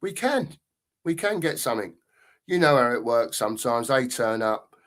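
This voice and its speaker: Chatty football fan host. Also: male voice, medium pitch, very animated, moderate pace, fairly bright tone. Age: middle-aged. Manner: chatty, matey, greets viewers with "big up". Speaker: live stream host reading chat. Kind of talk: casual live chat.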